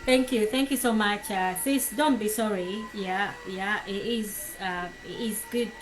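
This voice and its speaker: A woman hosting a discussion, soft-spoken and reassuring. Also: medium pitch, fairly even intonation, unhurried, noisy background.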